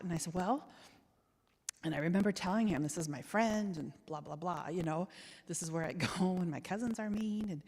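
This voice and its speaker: A woman with a lowish voice tells a personal story from the pulpit. Her words ring through a church sanctuary with a long, lingering reverb. She reminisces freely and breaks into small laughs along the way. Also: normal speed, breathy edge. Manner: warm reminiscing storyteller, frequent soft laughs. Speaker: guest speaker. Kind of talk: storytelling sermon.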